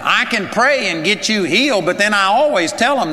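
A man preaches in an earnest, conversational way, posing rhetorical questions to his listeners, with long hall reverb on the recording. His high voice is expressive, pushed and bright, at a moderate pace, with a little hiss or hum.

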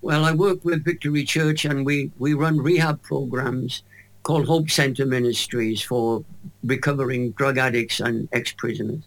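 A Welsh man in his eighties, a guest in an interview, telling a faith story with lively storytelling. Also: medium pitch, moderate pace. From Wales. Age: 80s. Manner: animated storyteller acting out quoted voices.

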